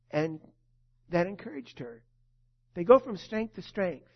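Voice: medium pitch, lively intonation, unhurried, long pauses, highs cut off. A preacher giving a sermon, telling a story with emphasis and asking the listeners rhetorical questions.

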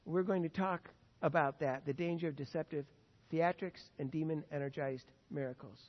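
A man's voice: a little high, fairly even intonation, moderate pace. A man preaching a sermon as a pastor, telling anecdotes in a conversational way and acting out quoted voices. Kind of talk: sermon with storytelling. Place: church sanctuary. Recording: muffled church recording with long reverb.

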